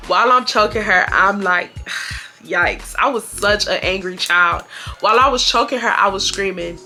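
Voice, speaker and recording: Bright-voiced woman telling a story. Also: mid-range voice, moderate pace, soft background music. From Houston, Texas. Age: 20s. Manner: animated, emphatic, repeats herself for effect. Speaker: vlogger. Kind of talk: casual storytime.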